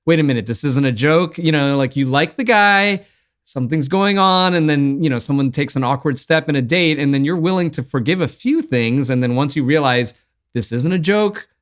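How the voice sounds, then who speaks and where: A man's voice: a little high, normal speed, fairly bright tone. A man hosting a podcast in casual film chat, agreeable and earnest as he explains a scene. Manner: agreeable, constant backchannel, earnest when explaining. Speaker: podcast host.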